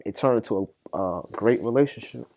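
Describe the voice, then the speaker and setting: A young man from Boston telling a story as a podcast guest, in an animated, slangy way that gets loud as the story builds. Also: lowish voice, fairly quick, gravelly. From Boston, Massachusetts. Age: young adult. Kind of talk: casual storytelling.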